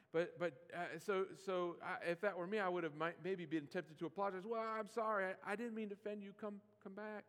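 A man preaching a sermon as pastor, in a conversational style with playful mock pleading asides. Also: a little high. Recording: long hall reverb.

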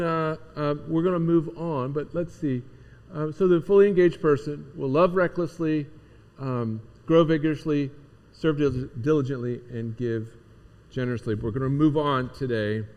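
A man's voice: medium pitch, darkish tone. Casual, teacherly male pastor in a hall. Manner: casual, teacherly, repeats key words for emphasis. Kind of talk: conversational sermon. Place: church sanctuary. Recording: long reverb of a church hall.

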